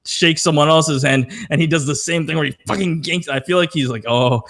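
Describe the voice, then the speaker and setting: A man's voice: a little high, brisk, a bit bright. Young man, profane casual chat. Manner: profane, calls the other man dude. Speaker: podcast co-host.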